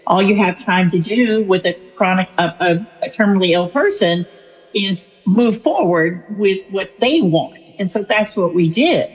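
Woman interviewee, storytelling, breathy voice in a reverberant space. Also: mid-range voice, unhurried. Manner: chatty and storytelling, with fillers and laughs. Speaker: author and spiritual counselor. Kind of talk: conversational interview answer. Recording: lo-fi with long reverb.

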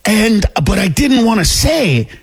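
A male comedian telling a story in casual chat, animated and laughing as he goes. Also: sits high, unhurried, husky. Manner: animated, loud punchlines, laughs mid-story. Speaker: comedian guest.

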